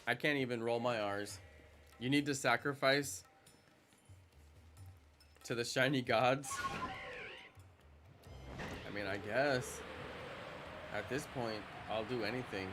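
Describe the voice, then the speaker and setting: A streamer with a medium-pitched voice jokes around with viewers while playing a video game live, speaking slowly with long pauses. He rambles from one silly aside to another and chuckles at his own jokes, with game music and a noisy background behind him.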